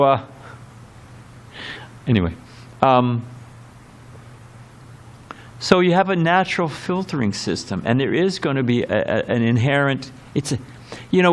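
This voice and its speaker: Rambling, chatty male preacher. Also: mid-range voice. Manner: rambling and conversational, many fillers and quoted voices. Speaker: swami giving a scripture class. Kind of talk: temple sermon lecture. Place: temple hall.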